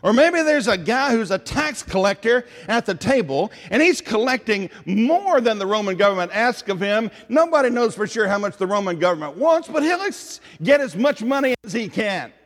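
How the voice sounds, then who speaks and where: A man's voice: sits high, sing-song, moderate pace, few pauses, fairly bright tone, big-room sound. A man with a Tennessee Southern accent preaching a sermon in an earnest, conversational way, often putting questions to his listeners.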